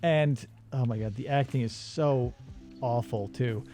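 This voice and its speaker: A man hosting a casual movie-review show, retelling a plot in an animated, sarcastic way. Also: medium pitch, unhurried, faint music behind. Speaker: radio show host.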